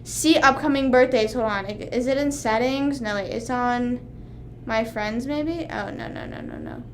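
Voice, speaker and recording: Rambling, high-voiced young woman streamer. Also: unhurried, slight background noise. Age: 20s. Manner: rambling, animated, swears often. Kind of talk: casual livestream chat.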